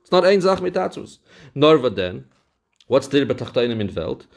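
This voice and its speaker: A man's voice: mid-range voice, sing-song, moderate pace, creaky. A man teaching a Torah text lesson. He reads Hebrew passages aloud, then explains them in English mixed with Hebrew and Yiddish terms, repeating key phrases for emphasis. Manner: repeats phrases for emphasis, with sing-song study cadence. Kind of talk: Talmudic-style text lesson.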